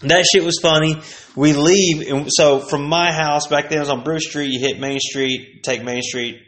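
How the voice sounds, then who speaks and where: A man's voice: medium pitch, fairly bright tone. A man in his forties telling old stories alone on a stream, rambling, slangy and profane. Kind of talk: casual storytelling alone.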